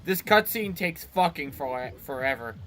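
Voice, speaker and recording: A man's voice: fairly high pitch, animated, a little slow, sharp tone, a little hiss or hum. A young man hosting a let's play, chatting casually and teasing his co-host, laughing often. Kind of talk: casual gameplay commentary.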